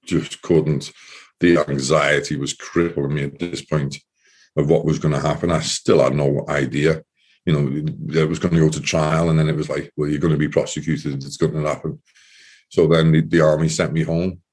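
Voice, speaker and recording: Deep, low-voiced man, halting. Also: level tone, a little mellow. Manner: halting, repeating words, voice heavy with distress. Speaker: interview guest, former soldier. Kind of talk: emotional personal testimony.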